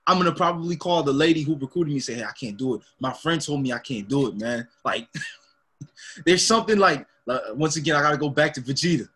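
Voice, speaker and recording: A man's voice: a little high, animated, quick pace, a bit bright, a little hiss or hum. A young man co-hosting a podcast in casual chat, laid-back, laughing often and calling his friend man and dog. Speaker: podcast co-host.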